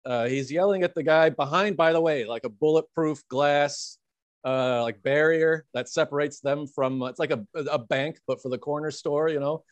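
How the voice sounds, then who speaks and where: A man with a fairly high voice tells a story in a casual podcast chat. He rambles, stacking "like" and "uh" as he goes. The sound is dry and close to the mic. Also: moderate pace, no echo. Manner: rambling, filler-heavy anecdote telling with frequent "like" and "uh". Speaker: podcast co-host.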